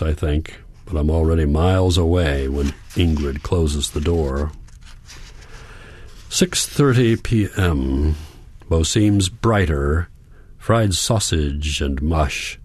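A man with a very deep, husky voice reads a first-person novel aloud in a calm, measured, reflective way. The recording is dry and close-miked, with no room sound.

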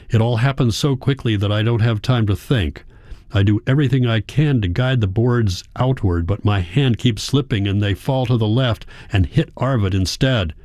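A man narrating a first-person story in a steady, even storytelling manner. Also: sits low, no echo, clean studio sound. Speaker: audiobook narrator.

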